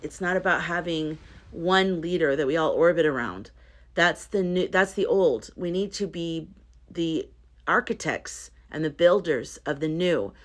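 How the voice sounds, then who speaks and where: A woman's voice: deep voice, measured pace. A woman talking to camera in a casual vlog, earnest and rambling, often interrupting herself. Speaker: spiritual content creator.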